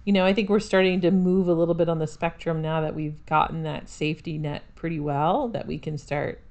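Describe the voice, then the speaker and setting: A woman in her thirties co-hosts a podcast in casual chat. Her voice sits low for a woman. She talks in a chatty, self-deprecating way and drops in sarcastic asides. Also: fairly even intonation, a little fast, darkish tone, highs cut off. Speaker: podcast co-host.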